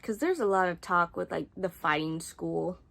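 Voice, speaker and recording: A woman's voice: fairly low pitch, moderate pace, vocal fry, a bit bright. A young adult woman reviewing a book series in casual chat, sarcastic and rambling, with frequent swearing and asides.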